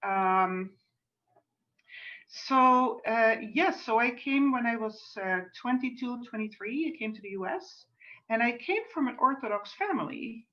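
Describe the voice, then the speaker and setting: A woman's voice: fairly high pitch, animated, unhurried, pushed and bright. Dutch-accented woman cantor on video call. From Netherlands. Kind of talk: friendly introductory talk before a service. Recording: distant, muffled video call audio.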